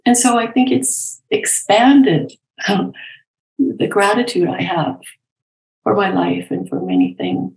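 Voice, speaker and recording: An older woman, a nurse and professor, talking candidly and gently as an interview guest, telling stories from her career. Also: mid-range voice, huge pitch swings, takes it slowly, reverberant, low-quality recording. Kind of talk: reflective storytelling in conversation.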